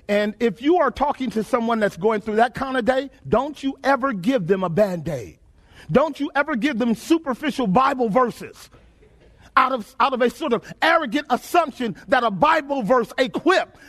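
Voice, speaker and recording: A man's voice: very high-pitched, fairly bright tone. A man preaching a sermon, prodding his listeners with rhetorical questions and repeating phrases in rhythm. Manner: emphatic call-and-response questioning.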